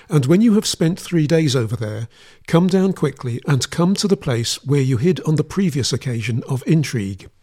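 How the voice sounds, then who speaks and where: A man giving a steady, measured scripted reading of a Bible passage. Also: a little high. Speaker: scripture reader.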